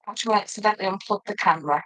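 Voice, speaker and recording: A middle-aged woman, chatting loudly and laughing often as she presents paper crafts on a live stream. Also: medium pitch, rapid-fire, no room sound, low-quality recording. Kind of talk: casual live stream chat.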